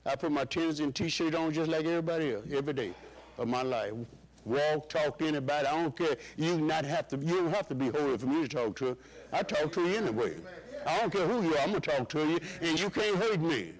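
High-voiced preacher calling out. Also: male voice, animated, quick pace, rough recording. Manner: call-and-response preaching, rising and dropping pitch. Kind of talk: sermon.

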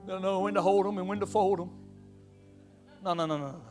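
A man preaches in a high, lifted voice, calling out to the congregation and slipping into playful asides. Soft music plays faintly behind him. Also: fairly even intonation, fairly quick. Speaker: pastor. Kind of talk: sermon.

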